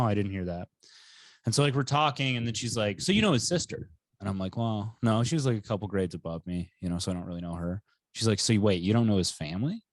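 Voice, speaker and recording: A man's voice: on the low side, no room sound. A young man and podcast co-host, telling a story in casual chat, swearing freely and getting worked up. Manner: animated storytelling, swears freely, gets heated and loud. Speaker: podcast co-host and stand-up comedian.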